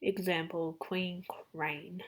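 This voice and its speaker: A woman with an Australian accent casually reading out facts in a chatty, excitable way, sometimes dropping into whispered asides. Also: fairly low pitch, extremely slow, background noise. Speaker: fan channel host. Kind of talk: casual fact-reading vlog.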